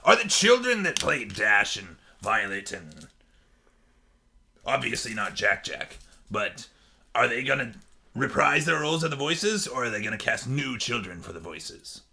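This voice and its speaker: Man playing a pirate captain, gravelly bright voice, lively pitch, keeps saying aye. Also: unhurried, slight background noise, full character voice. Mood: chatty. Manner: peppers talk with pirate "aye" and "yar". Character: male pirate captain, jovial and bloodthirsty. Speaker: podcast co-host. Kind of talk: costumed casual chat.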